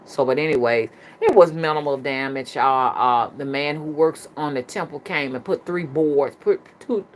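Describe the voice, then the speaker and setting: A middle-aged woman with a Southern US accent talks to her viewers in a low, earthy voice. She tells her stories in a colloquial, chatty way and keeps calling the audience "y'all." A faint hum of background noise sits under her speech. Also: normal speed, few pauses. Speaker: spiritual reader and rootworker. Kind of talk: casual storytelling to viewers.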